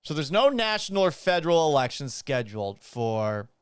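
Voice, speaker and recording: Animated, swearing man in his thirties. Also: a little high, normal speed, clean tone, no room sound, studio quality. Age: 30s. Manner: animated, blunt, profane. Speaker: sports show host. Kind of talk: casual sports talk.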